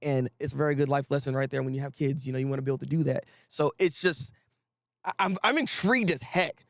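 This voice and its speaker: A man hosting a casual anime talk stream, reading out viewer names and repeating himself with animated, slangy energy. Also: mid-range voice, fast, no room sound, studio quality. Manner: animated, repetitive, slangy, greets chat viewers. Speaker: host.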